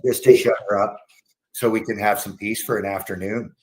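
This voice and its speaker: A middle-aged man from Canada telling a casual family story in an animated way, swearing casually and acting out the voices he quotes. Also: lowish voice, a little fast, low-quality recording. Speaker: guest telling a patient story.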